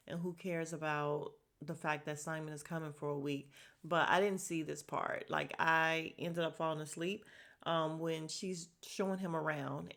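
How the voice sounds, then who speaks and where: A young woman hosting a podcast, recapping a reality show in blunt, gossipy casual chat and swearing freely. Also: deep voice. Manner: blunt, gossipy, swears freely, quotes cast members in animated voices.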